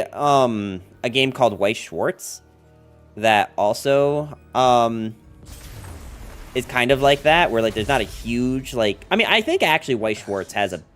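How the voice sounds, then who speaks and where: A man chats casually while streaming a card game, his pitch jumping around with lively swings. He rambles through fillers and self-mocking jokes aimed at his viewers, and soft music plays faintly behind him. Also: takes it slowly. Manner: rambling, filler-heavy, jokey asides to chat.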